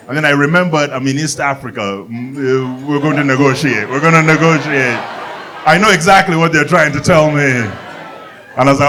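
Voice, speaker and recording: A man performing a stand-up comedy set on a club stage, telling a story with animated delivery that rises to shouted punchlines. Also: medium pitch, fairly quick. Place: comedy club stage before a live audience.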